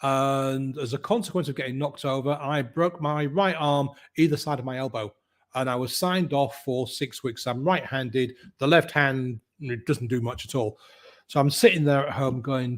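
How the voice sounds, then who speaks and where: A middle-aged man, a guest telling his story in a lively way and acting out the voices of the people in it. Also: mid-range voice, moderate pace. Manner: lively, acts out quoted voices. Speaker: guest, mindset coach. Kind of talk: animated storytelling.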